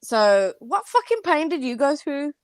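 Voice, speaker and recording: A woman's voice: high-pitched, sing-song, unhurried, no echo. A woman on a live online panel, talking defensively and swearing freely. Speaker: panel guest.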